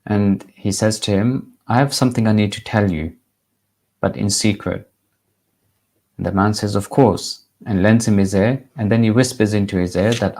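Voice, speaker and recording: A man who is a religious teacher, telling a moral story in a measured, deliberate sermon style. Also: fairly low pitch.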